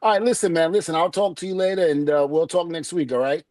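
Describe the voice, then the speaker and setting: A middle-aged man tells a story on a podcast, with a fairly high-pitched voice. He acts out every quoted line and laughs as he goes. His voice is close and dry, with no room sound. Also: quick pace, darkish tone, dry recording. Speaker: podcast guest. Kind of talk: casual storytelling chat.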